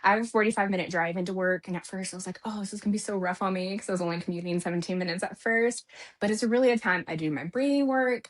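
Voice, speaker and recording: Fast-talking encouraging woman guest. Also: medium pitch. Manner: upbeat, encouraging, motivational. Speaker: podcast guest. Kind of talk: casual conversational advice.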